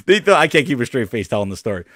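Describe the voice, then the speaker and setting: A man hosting a gaming podcast, telling a rambling, animated story in casual commentary. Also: medium pitch, no room sound. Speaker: podcast host.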